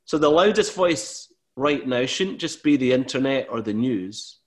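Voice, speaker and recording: An earnest male preacher delivering a sermon at a middle pitch. He speaks with conviction and builds to emphatic, lifted passages before settling back down. His delivery is that of a pastor addressing a congregation. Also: lively intonation, a little slow. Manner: earnest, rising to emphatic bursts when voicing God.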